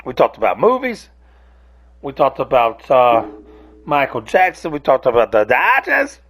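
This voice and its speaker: A man with a drawl rants casually as a podcast host, swearing freely and wandering between thoughts. His mid-pitched voice has a gravelly, creaky edge. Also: huge pitch swings, unhurried, fairly bright tone. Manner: rambling, profane, self-interrupting. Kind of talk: casual solo rant.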